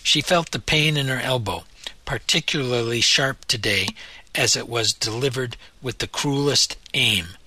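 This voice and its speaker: Male narrator, audiobook reading, very bright tone, husky. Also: medium pitch, unhurried, dry recording. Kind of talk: scripted narration.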